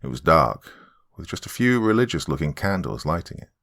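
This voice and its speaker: A man's voice: rumbling low, big pitch swings, brisk, gravelly, fairly bright tone. A man hosting a horror podcast, dramatically telling a first-person scary story. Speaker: horror podcast host and narrator. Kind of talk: scripted horror narration.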